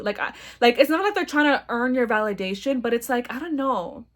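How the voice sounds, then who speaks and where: Loud, blunt young woman with a stutter. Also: on the high side, quick pace, few pauses. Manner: blunt and profane, chatty. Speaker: podcast host. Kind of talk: casual solo podcast monologue.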